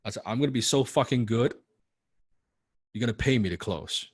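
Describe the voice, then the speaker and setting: A man with a non-native English accent, coaching students in a blunt, forceful, profane and repetitive way. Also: medium pitch, animated, fairly quick, husky, dry recording, clean studio sound. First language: not English. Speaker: copywriting coach. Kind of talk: motivational coaching talk.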